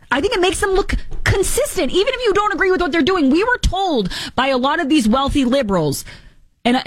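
Woman host for opinion commentary, animated delivery, sarcastic and pointed, dry close sound. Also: on the high side, no room sound. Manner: emphatic, sarcastic, argumentative.

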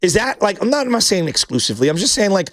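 A man's voice: sits high, big pitch swings, quick pace, no echo. A man hosting a sports talk show, talking in a rambling, passionate way with frequent restarts. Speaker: sports radio host.

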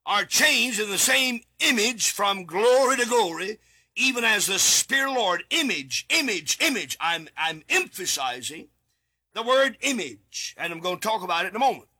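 High, husky, bright-toned male preacher. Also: expressive, moderate pace. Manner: emphatic, repeats key words, bursts into shouts. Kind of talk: studio sermon with scripture reading. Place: studio.

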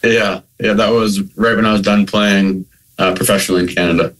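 A man's voice: lowish voice, steady tone, fairly quick, fairly bright tone. A man from Maine, a basketball coach, answering plainly and modestly as a guest on a video call. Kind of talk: remote interview.

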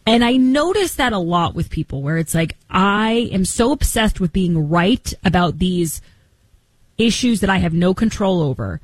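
A woman's voice: mid-range voice, lively intonation, normal speed, no echo, low-quality recording. A woman co-hosting a talk podcast, speaking in an impassioned, rambling way with frequent restarts. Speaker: co-host. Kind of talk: opinionated podcast commentary.

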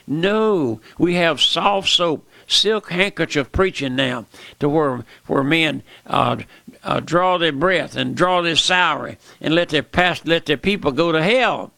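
An older man with a drawl delivers a fiery old-time sermon in a gravelly, slightly high voice. He repeats his points for weight and climbs into cries. The sound is dry and close. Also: a little slow, sharp tone, no room sound. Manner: emphatic, repeats phrases, rises to cries. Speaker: preacher.

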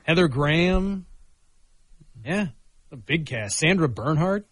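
Matter-of-fact man, mid-high voice. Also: expressive, takes it slowly, breathy edge, no room sound. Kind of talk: casual chat.

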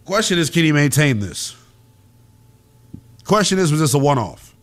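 A man's voice: a little high, very animated, moderate pace. A man hosting a call-in sports radio show, talking bluntly in loose slang.

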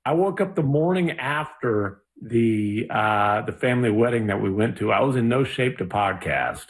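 A man's voice: medium pitch, animated, moderate pace. A man co-hosting a podcast, chatting casually in a laid-back, joking way and often restarting his sentences. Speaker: podcast co-host. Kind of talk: casual chat. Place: Dallas.

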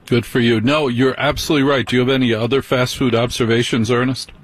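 Host: medium-pitched, slightly husky man, casual and teasing with callers. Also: fairly even intonation, dry recording. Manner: chatty, teasing, quick to interrupt. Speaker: radio host. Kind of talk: late-night call-in radio.

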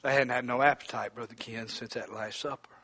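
A man preaching a sermon, swinging from loud exclamations to near-whispers and calling out to brothers by name. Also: medium pitch, steady tone, brisk, no room sound.

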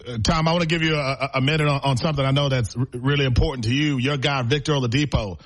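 A man's voice: mid-range voice, fairly even intonation, rapid-fire. A man co-hosting sports radio, asking curious questions in a chatty way. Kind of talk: casual radio chat.

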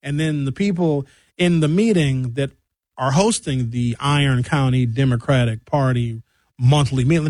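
A man's voice: mid-range voice, no echo, studio quality. A man from Milwaukee telling a political story in a casual, comedic commentary style, acting out voices and drawing out words for emphasis. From Wisconsin, Milwaukee. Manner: animated storytelling, acts out voices, emphatic slowdowns.

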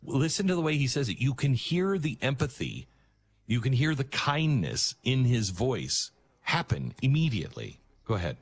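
A male talk show host giving an earnest, emphatic monologue with halting restarts. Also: medium pitch, sing-song, slight background noise.

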